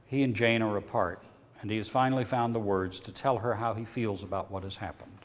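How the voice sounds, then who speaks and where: A man reading a novel aloud in a measured, steady way, lifting his voice when characters shout. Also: fairly low pitch, long reverb tail. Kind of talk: audiobook reading.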